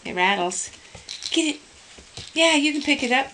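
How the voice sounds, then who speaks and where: High sing-song woman coaxing a puppy. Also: expressive, moderate pace, noisy background. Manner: sing-song, cheerful praise and short commands. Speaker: puppy owner training her dog.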